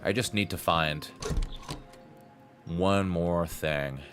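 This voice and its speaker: Casting a low-voiced male game streamer, chatty and pun-loving, loose live commentary. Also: very slow, music in the background. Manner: chatty, rambling, fond of puns.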